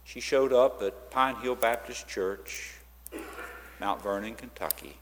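A man's voice: mid-range voice, slow pace, slight background noise. A man giving a storytelling church talk about a ministry, acting out the voices of the people in his stories. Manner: animated storyteller who acts out quoted voices. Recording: long reverb of a large hall.

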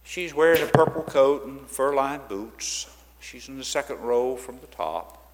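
A man's voice: medium pitch, a little slow. A man giving a storytelling church talk about a ministry, acting out the voices of the people in his stories. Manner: animated storyteller who acts out quoted voices. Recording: long reverb of a large hall.

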